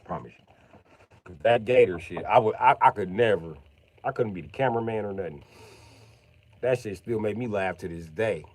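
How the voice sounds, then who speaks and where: A man ranting on a livestream in profane, swaggering slang. His voice sits low, and it moves from a muttered aside to loud, animated bursts. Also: normal speed, long pauses. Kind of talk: casual profane livestream rant.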